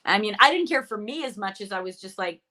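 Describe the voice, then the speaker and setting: A woman's voice: medium pitch, quick pace. A middle-aged woman, an actress guest, chatting over a video call and telling a story with acted-out quotes. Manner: animated storyteller, acts out quoted lines. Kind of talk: remote interview chat.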